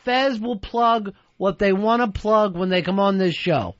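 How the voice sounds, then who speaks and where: Slightly slow and a bit bright, his high-pitched voice carries no room sound. Hosting a talk show in a radio studio, he blusters, mock-threatens and curses freely in profane banter, captured on a dull archival satellite radio broadcast.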